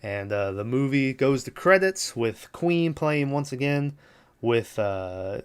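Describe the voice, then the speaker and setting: A man's voice: mid-range voice, animated, slow pace, smooth. A young man hosting a podcast, casually recapping a movie plot in a loose, rambling way with lots of fillers and swearing. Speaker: podcast host.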